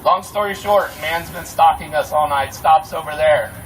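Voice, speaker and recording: A man's voice: fairly high pitch, normal speed, a bit bright. Fired-up man rallying a street crowd. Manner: profane, heated, rallying. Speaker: protest security volunteer. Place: outdoor street protest at night. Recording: distant mic with street noise.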